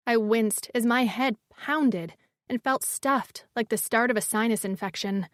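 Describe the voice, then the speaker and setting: Woman reading a romance audiobook, kinda high voice, slow intimate read, dry close mic. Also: dry recording. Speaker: audiobook narrator. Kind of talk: first-person audiobook narration.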